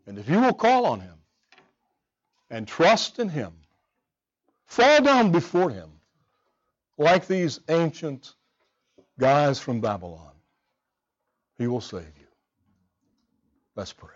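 Casting: a man preaching a sermon, pitched a bit high, earnest and conversational, dull lo-fi recording. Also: slow, pauses often. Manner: animated, conversational preaching with quiet earnest stretches. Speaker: pastor.

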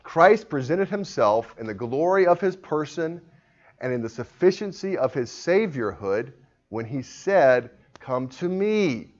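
A man preaching a sermon in an earnest, emphatic way, swinging between quiet reasoning and forceful pleas. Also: fairly high pitch, lively intonation, unhurried. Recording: dull lo-fi sound.

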